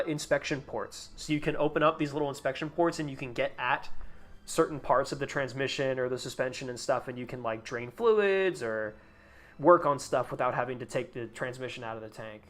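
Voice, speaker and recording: A man's voice: medium pitch, brisk, a bit bright, faint music behind. A young man chatting casually on a live game stream, rambling, swearing freely and laughing at his own jokes.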